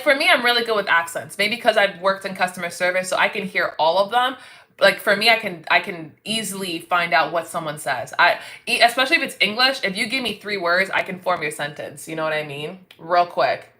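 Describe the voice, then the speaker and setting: A woman's voice: medium pitch, animated, fairly quick, sharp tone. A woman from Canada hosting a casual livestream, chatting with viewers, reading out their comments and laughing often. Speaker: livestream host reading chat.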